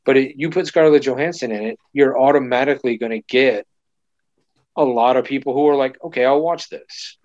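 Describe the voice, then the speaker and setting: A man's voice: mid-range voice, brisk, a little mellow, no room sound. A man co-hosting a casual chat, rambling with lots of fillers and restarts. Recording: dull lo-fi dry sound.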